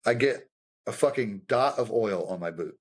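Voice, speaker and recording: A young adult man, a combat veteran guest, telling war stories in a loose, profane, animated way, acting out the people he quotes. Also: fairly low pitch, moderate pace. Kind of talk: casual storytelling conversation.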